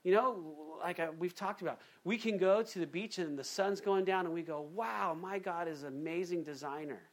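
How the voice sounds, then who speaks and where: Man preaching a lively casual sermon. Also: high-pitched, moderate pace. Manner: conversational, animated preaching with acted-out quotes. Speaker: pastor.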